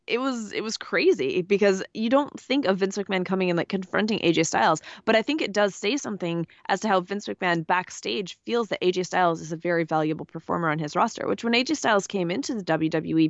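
Chatty low-voiced woman podcaster. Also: no echo, lo-fi sound. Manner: chatty, rambling, many fillers. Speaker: podcast co-host. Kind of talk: casual wrestling podcast chat.

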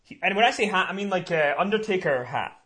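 With a high voice and a quick pace, a male podcast co-host shares a story in loose, casual chat. He's an event promoter too, and his delivery is talkative and full of animation.

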